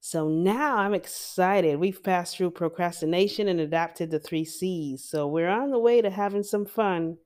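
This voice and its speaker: A woman's voice: lowish voice, unhurried, few pauses, a little mellow. A Jamaican woman hosting a motivational podcast, talking straight to her listeners in an emphatic, encouraging way. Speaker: podcast host.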